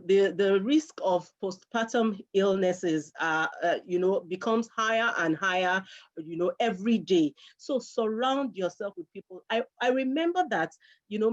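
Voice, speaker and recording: A middle-aged woman speaks earnestly about parenting, driving points home by repeating key phrases. Her voice sits at an ordinary pitch. The recording sounds dull and lo-fi. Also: animated, moderate pace. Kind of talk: conversational advice talk.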